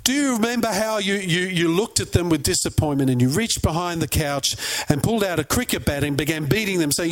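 A man preaching with a high, bright-sitting voice. He tells stories with animation and keeps firing questions at his listeners. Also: moderate pace. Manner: animated storyteller, asks the crowd questions. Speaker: pastor. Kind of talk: sermon.

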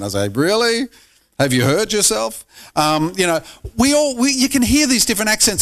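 High-voiced Australian man preaching. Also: a bit bright. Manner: conversational, joking, talks straight to the congregation. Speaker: pastor. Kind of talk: sermon.

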